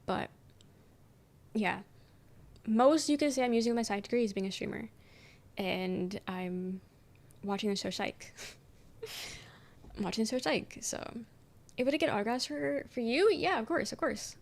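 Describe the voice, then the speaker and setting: A woman's voice: fairly high pitch, moderate pace, creaky, a little mellow. A young adult woman streaming and chatting casually with her viewers, reading their messages aloud and rambling with lots of "um" and "like" and casual swearing. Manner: rambling, filler-heavy, swears casually, frequent "um".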